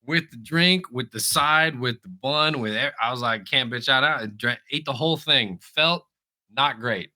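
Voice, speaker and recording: A man co-hosting a podcast, telling stories in casual chat, animated, laughing often and swearing freely. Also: medium pitch, unhurried. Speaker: podcast co-host.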